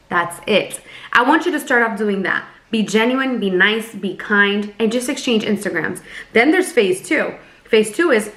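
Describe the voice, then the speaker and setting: Upbeat woman, mid-pitched, chatty vlog coaching in a roomy space. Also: expressive, measured pace, a bit bright. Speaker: network marketing team leader. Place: Miami. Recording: roomy echo.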